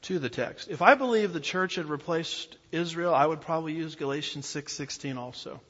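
A man preaching an expository Bible lesson, pausing to ask his listeners to fill in the blanks. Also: on the high side, a bit bright, husky. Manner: asks the audience fill-in-the-blank questions. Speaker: pastor teaching a Bible class. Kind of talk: expository sermon lecture. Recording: dull audio with long hall reverb.

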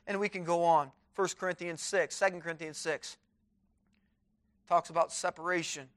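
A man's voice: on the high side, steady tone, moderate pace, a bit bright. A man preaching a sermon in a chapel, reading scripture aloud with fervor.

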